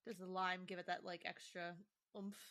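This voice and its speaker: Giggly woman co-host with a bright, sharp voice, easygoing chatter. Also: lowish voice, little pitch movement. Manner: giggly, quick to agree. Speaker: podcast co-host. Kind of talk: casual chat.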